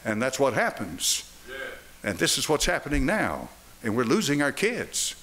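A man's voice: medium pitch, huge pitch swings, moderate pace, fairly bright tone. An older man preaching a sermon in church, firing rhetorical questions at the congregation. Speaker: pastor. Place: church sanctuary.

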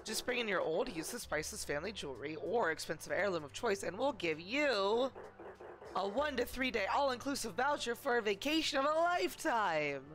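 A woman reading game dialogue aloud as a smooth-talking male shark salesman with a salesy, over-the-top pitch. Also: expressive, brisk, fairly bright tone, close to an everyday voice.

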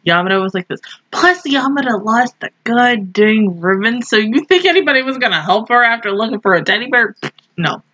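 A young woman in her twenties hosting an anime reaction, telling stories in a casual, animated way that keeps breaking into laughter. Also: a little high, a little fast. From Southern United States. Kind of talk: casual review chat. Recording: dull lo-fi mic sound.

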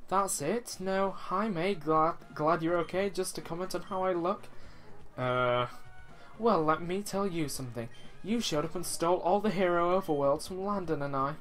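A man's voice: high-pitched, moderate pace, a bit bright, faint music behind. A man voicing a blunt, sassy young woman from a video game, in a raised voice. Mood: snippy. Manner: blunt and snippy.

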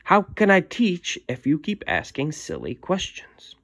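Male reader as a scolding grade school teacher lady, exasperated, slightly raised pitch, storybook read-aloud. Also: wildly swooping pitch, measured pace, a bit bright, husky, no echo, full character voice.

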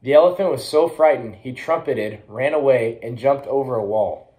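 A young man reading a children's picture book aloud to schoolchildren, lively, with quick voices for the characters. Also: medium pitch, low-quality recording. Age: young adult. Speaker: college athlete reading aloud.

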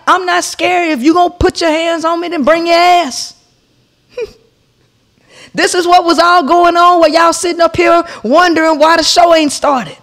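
A woman in her forties rants through a comic story on her podcast, cursing freely and calling out to her listeners. Her voice sits high and has a gravelly edge. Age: 40s. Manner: profane, animated, addresses listeners as y'all. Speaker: podcast host.

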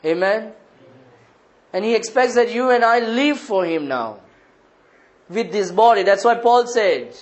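A man's voice: high-pitched, slow pace, pauses often, poor audio. A man with an Indian English accent, preaching a sermon as pastor, asking the congregation rhetorical questions and repeating phrases.

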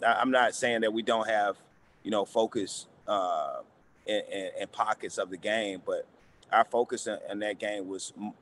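Halting low-voiced basketball coach. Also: male voice, slight background noise. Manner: halting, repeats words, many fillers. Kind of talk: press conference answers.

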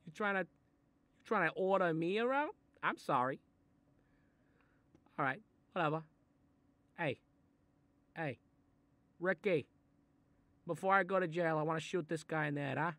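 A man voicing a short-tempered Italian-American mob boss who grumbles, swears and threatens, in a comedic animated role. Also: a little high, measured pace, pauses often, no room sound, heavily acted. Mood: gruff menacing. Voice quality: gravelly, threatening. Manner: grumbling asides, sudden angry outbursts, swearing. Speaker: mob boss reading a children's book.

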